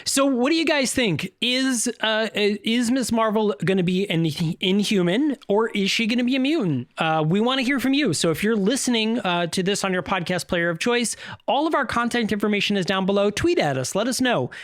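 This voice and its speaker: A man's voice: sits high, expressive, fairly quick, fairly bright tone, no echo, studio quality. A man co-hosting a casual podcast, chatting and addressing listeners directly with upbeat sign-off plugs. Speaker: podcast co-host.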